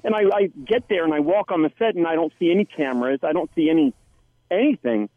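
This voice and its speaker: A man, an actor guest, tells stories in a chatty, rambling way. His voice sits a little high for a man. It comes through a dry, tinny phone line. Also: lively intonation, fast talker, no echo. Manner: chatty storyteller with many restarts. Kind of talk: casual interview anecdote.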